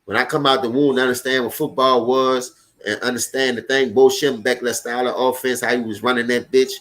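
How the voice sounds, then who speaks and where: His voice is mid-range and steady, moving a little fast, with a New Orleans accent; he's from Louisiana. On his casual live sports stream, he reacts to the game loudly and with plenty of profanity, chatting with his viewers as he goes.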